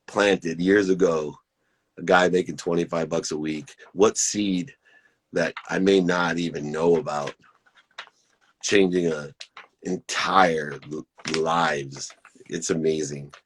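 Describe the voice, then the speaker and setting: A man's voice: deep voice, breathy edge. A man hosting a live-stream motivational talk, earnest and emphatic, repeating his key phrases.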